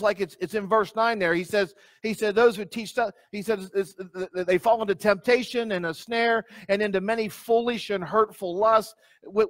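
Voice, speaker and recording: A man's voice: high-pitched, a bit bright, no echo. A male pastor preaching a sermon emphatically, reading scripture aloud, repeating key phrases and asking the congregation direct questions. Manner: reads scripture aloud in old-style wording.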